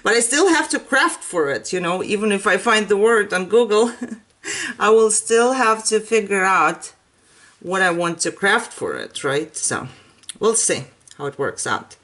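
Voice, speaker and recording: A woman whose first language is not English talks through a craft tutorial at an unhurried pace. She chats casually and laughs often as she works. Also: medium pitch, lively intonation, a bit bright. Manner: chatty and self-deprecating, laughs often. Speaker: craft channel host.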